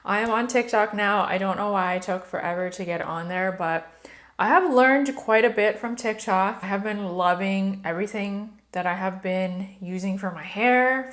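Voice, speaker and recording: A woman beauty vlogger chatting casually and upbeat to her viewers, with frequent fillers. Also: mid-range voice. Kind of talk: casual haul vlog talk.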